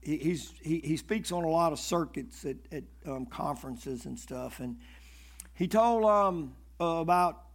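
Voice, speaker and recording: High-voiced animated male preacher. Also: unhurried. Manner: animated, swings between loud and hushed; stammers and repeats words. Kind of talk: sermon storytelling.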